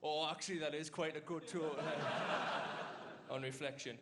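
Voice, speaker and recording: A young man with a Geordie accent doing a rambling, deadpan stand-up comedy set with dialect fillers. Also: a little high, measured pace, very noisy. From Newcastle, England. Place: comedy club stage with a live audience.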